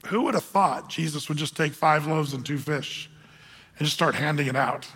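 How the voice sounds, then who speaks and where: Male pastor, high voice, casual rambling sermon delivery, hall reverb. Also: normal speed, fairly bright tone, slightly rough. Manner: conversational, rambling with many fillers and restarts; acts out quoted voices with raised pitch.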